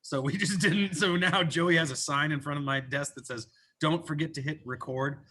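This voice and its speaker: A man's voice: on the high side, steady tone, normal speed, sharp tone, husky. A man who produces the show, chatting casually and enthusiastically, stumbling over his words as he tells stories. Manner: enthusiastic, stumbles and restarts, laughs while telling stories. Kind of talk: casual chat.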